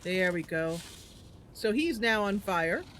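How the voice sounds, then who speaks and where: A woman's voice: medium pitch, animated, slow pace, fairly bright tone, slight background noise. A woman streaming a game, chatting and muttering her plans to herself as she plays. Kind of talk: thinking aloud while playing.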